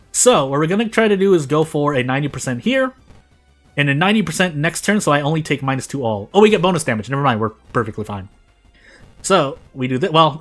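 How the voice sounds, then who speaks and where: A man streaming a video game, talking through his choices out loud and often stopping to restart or correct his sentences. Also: a little high. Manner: thinks aloud, often restarts and corrects himself mid-sentence. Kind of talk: live gameplay commentary.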